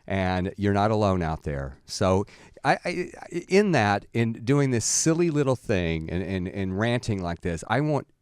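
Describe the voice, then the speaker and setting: A man's voice: fairly low pitch, very animated, measured pace, clean tone, no room sound, clean studio sound. A man co-hosting a talk show, speaking earnestly and reflectively with frequent restarts. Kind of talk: casual podcast chat.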